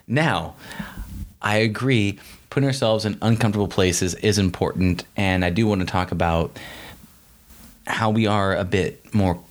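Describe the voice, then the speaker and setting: A man's voice: fairly low pitch, moderate pace. A man interviewing a guest in a casual conversation, speaking earnestly and with emphasis.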